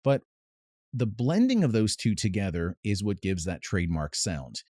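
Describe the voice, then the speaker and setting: A man's voice: lowish voice, big pitch swings, moderate pace, darkish tone, no room sound. A man giving a casual singing lesson as a vocal coach, explaining technique in a pedantic way with short sung demonstrations. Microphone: close mic with added reverb at times.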